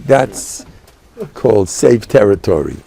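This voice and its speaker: An older man, a rabbi, telling a chatty, animated story in a lecture, dropping in Yiddish and Hebrew words. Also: on the low side, takes it slowly, gravelly, a little hiss or hum. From United States. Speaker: rabbi giving a class.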